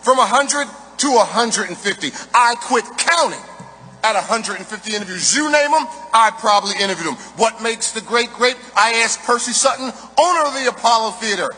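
High, bright-voiced man preaching success. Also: animated, brisk, breathy edge. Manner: rhythmic, emphatic oratory with a repeated refrain. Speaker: motivational speaker. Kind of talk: live motivational speech. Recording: reverberant hall, faint music.

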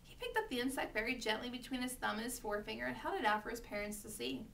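A woman reading a children's storybook aloud with steady, expressive narration. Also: fairly high pitch, fast, creaky, recorded from a distance, slight background noise. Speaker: reader.

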